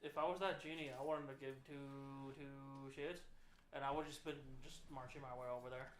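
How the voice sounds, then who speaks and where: A man's voice: medium pitch, steady tone, brisk, a little hiss or hum. A man cracking crude jokes in a casual livestream chat. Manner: crude, joking interjections. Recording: roomy echo.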